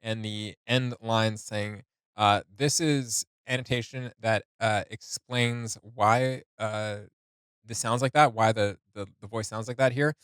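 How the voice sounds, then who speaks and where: A man's voice: fairly low pitch, steady tone, slow pace, a bit bright, clean tone, no echo, studio quality. Chatty man hosting a reaction video. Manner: chatty, laughs often, reads notes aloud with many fillers. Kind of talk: casual reaction commentary.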